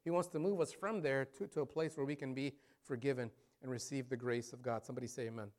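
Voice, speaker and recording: A man preaching a sermon in a mid-range voice. He stretches out key phrases and scripture lines for emphasis. His loudness swings widely, from near-quiet drops to strong, rising build-ups. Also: steady tone, fast. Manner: voice rises and falls widely in loudness, dropping low then building up. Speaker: pastor.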